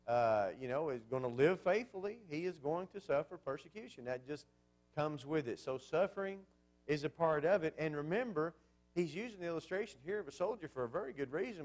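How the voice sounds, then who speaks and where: A man's voice: on the high side, expressive, brisk, darkish tone. Man preaching conversationally. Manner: conversational, asks the congregation questions. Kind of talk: Bible class sermon.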